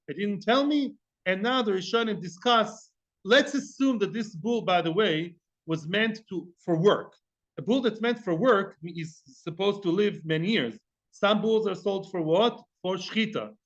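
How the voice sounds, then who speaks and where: Lively male Talmud teacher, high voice, acts out dialogue, dull lo-fi sound. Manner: animated, mixes Hebrew and Aramaic terms, acts out dialogue. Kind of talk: lively Talmud class lecture.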